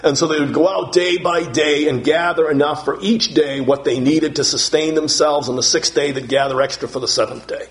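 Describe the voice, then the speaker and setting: A man preaching a sermon, emphatic, piling up synonyms and rising to shouts on key words, and putting questions to the congregation. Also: fairly high pitch, fairly even intonation, fairly quick, hardly any pauses. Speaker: pastor.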